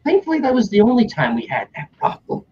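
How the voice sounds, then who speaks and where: Young guy ranting through a wild story, husky voice, pitch jumps all over, muffled lo-fi stream sound. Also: fast talker. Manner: animated, acts out other people's lines, swears freely. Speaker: stream host telling a story. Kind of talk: casual storytelling chat. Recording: dull lo-fi stream audio.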